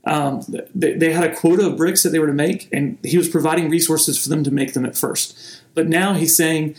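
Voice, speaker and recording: A man's voice: on the high side, fairly even intonation, a little fast, a little mellow, reverberant. A man preaching a sermon in a conversational teaching manner, often restarting his phrases. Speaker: pastor.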